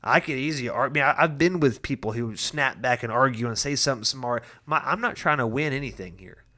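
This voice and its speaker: A man's voice: mid-range voice, a little fast, pushed and bright. A young adult man, a pastor giving a casual devotional talk, earnest and conversational with frequent restarts and personal stories.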